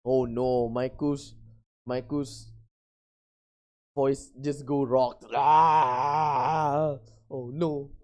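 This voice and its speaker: A young adult VTuber streamer from Malaysia, chatting casually and getting flustered, often breaking into high laughter. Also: level tone, very slow, pauses often, dark tone. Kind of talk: casual live-stream chat.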